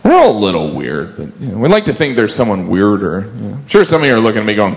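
Wry man with lively pitch doing stand-up. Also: fast, gravelly. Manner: wry observational, jumps into silly voices. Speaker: stand-up comedian. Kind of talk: stand-up routine. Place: comedy stage before a live audience. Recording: live show with crowd and noise.

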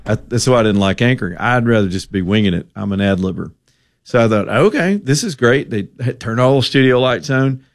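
A middle-aged man, hosting a talk radio show and telling stories in a casual, animated way. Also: medium pitch, fairly quick. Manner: animated storyteller, acts out quotes. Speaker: radio host.

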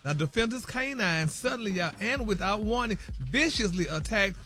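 A man reading celebrity news on a radio morning show, animated and gossipy, sprinkling in "y'all" and "honey". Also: high-pitched, moderate pace, soft background music.

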